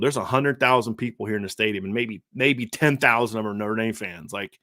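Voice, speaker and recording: Fast-talking male sports podcast host. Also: fairly low pitch, dry recording, studio quality. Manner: fast, animated, acts out quotes. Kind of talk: casual sports talk.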